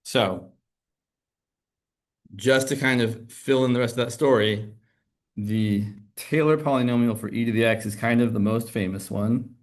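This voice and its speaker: A man teaches a math lesson in a relaxed, conversational way. He explains each step as he writes on the board. His voice sits at an ordinary middle pitch. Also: a little slow. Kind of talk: classroom lecture.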